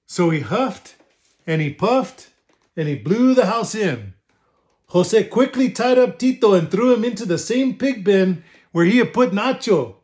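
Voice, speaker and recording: A man reads a children's picture book aloud, pausing for explanatory asides. His voice is high for a man. He shifts easily between languages as he reads. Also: expressive, a little mellow. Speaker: state official reading to children.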